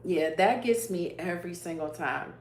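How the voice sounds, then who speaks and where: With a fairly low, slightly mellow voice at a moderate pace, this YouTube livestream host earnestly recounts her emotional faith testimony. She laughs a lot and reads and responds to viewer comments, all in an echoey room with a faint hum.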